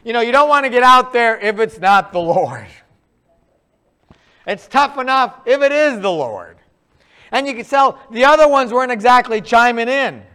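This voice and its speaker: A man preaching a sermon in a conversational, animated storytelling way, acting out quick asides. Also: extremely high pitch, smooth.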